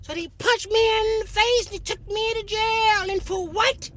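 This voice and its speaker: A man voicing a stern elderly woman ghost who scolds in a slow, drawling, preachy way. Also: extremely high pitch, steady tone, a bit bright, pitched above the performer's own voice. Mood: scolding.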